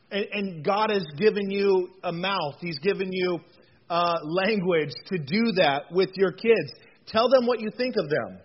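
A man with a high voice delivers a relaxed, conversational sermon. He talks in a chatty, animated way and keeps asking the room questions. The recording sounds dull and lo-fi, with a faint hiss under it. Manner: chatty and animated, with frequent fillers and rhetorical questions. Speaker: pastor.

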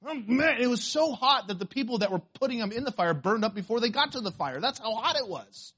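A male pastor preaching a sermon, emphatic and full of rhetorical questions, swinging from quiet asides to loud declarations. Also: very high voice, animated, brisk, husky.

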